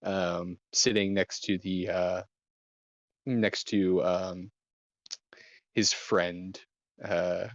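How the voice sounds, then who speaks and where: A man narrating as game master, describing scenes with many pauses and restarts. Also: low-pitched, level tone, no echo, muffled recording. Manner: halting, many ums and restarts.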